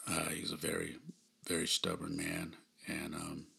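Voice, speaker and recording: A man in his thirties hosting a podcast, telling a personal story in a subdued, halting way with frequent sighs. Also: rumbling low, completely flat delivery, gravelly, pushed and bright, slightly rough. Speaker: podcast host.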